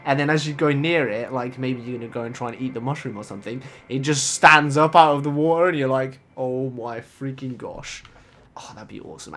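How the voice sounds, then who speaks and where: A young man giving excitable let's play commentary, gushing and laughing often as he plays. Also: medium pitch. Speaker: gaming channel host.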